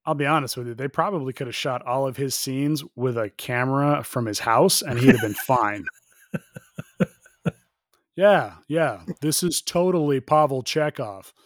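Casting: man, podcast co-host, animated joker, dry close sound. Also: a little slow, no room sound. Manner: jokey, animated, acts out bits in a high voice. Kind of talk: casual chat.

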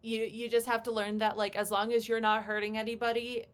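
A woman's voice: fairly high pitch, little pitch movement, brisk. A young adult woman, a cosplayer guest, answering interview questions casually and filling her speech with "like" and "um". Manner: chatty, peppered with "like" and "um" fillers.

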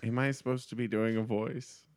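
A man's voice: medium pitch, flat delivery, moderate pace, a little mellow, no echo, studio quality. A man who is a guest on a comedic podcast, joking around. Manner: joking, puts on a silly accent.

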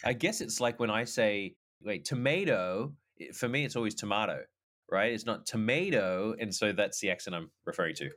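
A man with an Australian accent co-hosting a Christian podcast in easygoing chat, upbeat and quick to laugh. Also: fairly low pitch, fairly bright tone. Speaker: podcast co-host. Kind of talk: casual faith podcast chat.

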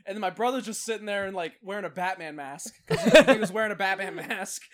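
A man's voice: high-pitched, fast talker, a bit bright. A young man in casual chat, telling blunt, profane stories.

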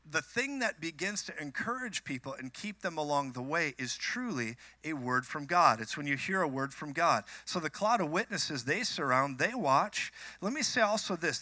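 A man from Minnesota preaching a sermon, telling animated personal stories with joking asides to the congregation. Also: a little high, dry recording. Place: church.

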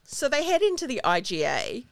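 Chatty woman with a smooth voice. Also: on the high side, wildly swooping pitch, normal speed, dry recording. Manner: chatty, enthusiastic, acts out quotes. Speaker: podcast host. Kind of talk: casual chat recapping a film.

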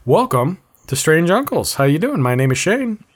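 A man's voice: fairly high pitch, very animated. Laid-back swearing podcast host, man. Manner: laid-back, heavy swearing, drawn-out fillers. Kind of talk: casual podcast banter.

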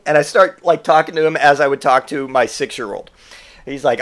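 A man's voice: fairly high pitch, moderate pace, fairly bright tone. A young man with a somewhat raised voice tells a comic story in a loose, casual way. He swears freely and slips into the voices of the people he quotes as he goes.

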